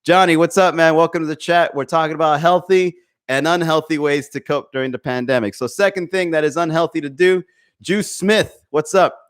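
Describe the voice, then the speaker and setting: Animated, profane comedy podcast host. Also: male voice, fairly high pitch, brisk, clean tone. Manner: profane, animated, talks to chat viewers. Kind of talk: live-streamed comedy podcast rant. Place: home. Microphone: desk microphone.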